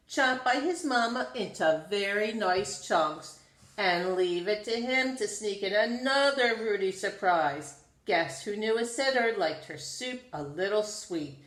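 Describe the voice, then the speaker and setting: A woman reading a children's storybook aloud in an expressive, sing-song storytelling manner. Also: medium pitch. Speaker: storybook reader. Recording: roomy echo.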